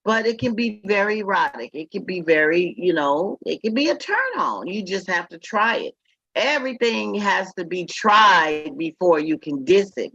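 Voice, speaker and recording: A woman hosting a casual talk show, speaking frankly and earthily, quick to joke. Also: fairly low pitch, fairly bright tone, husky, no echo. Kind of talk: casual chat. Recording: dull lo-fi dry sound.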